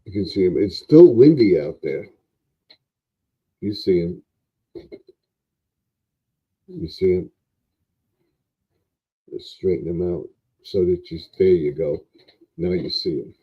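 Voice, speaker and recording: A man with a lowish voice hosts a casual livestream, chatting slowly and easily. The audio is dull and lo-fi. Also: expressive, breathy edge. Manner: unhurried, chatty, talks to a toy. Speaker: livestream host.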